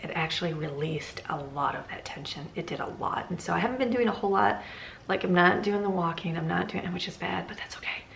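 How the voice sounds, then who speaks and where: Laughing a lot, a middle-aged woman rambles through a casual home vlog in a fairly low, gravelly, slightly bright voice at a slightly quick pace. The sound is echoey, with faint ambient noise.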